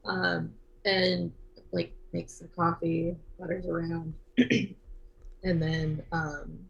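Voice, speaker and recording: A woman's voice: on the low side, drawn-out words, gravelly, slightly rough, highs cut off. A woman playing a tabletop game, chatting casually about what her character does. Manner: relaxed, chatty, describing her character's actions. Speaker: player.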